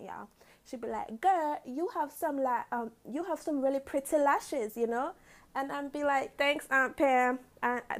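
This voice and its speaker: A woman in her thirties talking casually on her own podcast, chatty and quick to give shout-outs and laugh. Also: fairly high pitch, vocal fry. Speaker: lash business owner and podcast host. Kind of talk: casual solo podcast talk.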